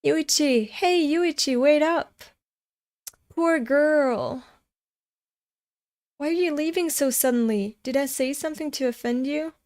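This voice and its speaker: A gentle, shy young woman voiced by a woman reader speaks sweetly and brightly. Her voice sits fairly high, and she takes her time. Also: a little slow, pauses often. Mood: urgent.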